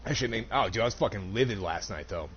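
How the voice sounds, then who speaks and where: A man's voice: fairly low pitch, expressive, quick pace, fairly bright tone, dull audio, slight background noise. A young man, a store cashier, casually telling a heated, profane story with laughs while gaming.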